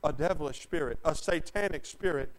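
A man preaching a fervent sermon as pastor, calling out questions to the congregation and swinging between loud and quiet. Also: fairly high pitch, fairly quick, low-quality recording.

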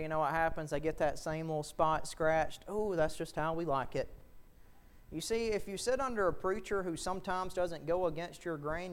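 A male preacher delivering a fervent sermon, building to loud shouts at the peaks. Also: on the high side.

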